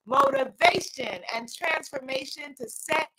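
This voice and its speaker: A middle-aged woman with a New York accent hosting a weekly inspirational livestream, energetic and sing-song as she greets viewers. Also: high voice, unhurried, noisy background. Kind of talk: upbeat livestream chat.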